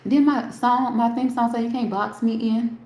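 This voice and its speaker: A woman's voice: on the high side, steady tone, moderate pace, dark tone. A woman hosting a casual live stream, rambling and talking straight to her chat, swearing freely. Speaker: livestream host. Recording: roomy echo.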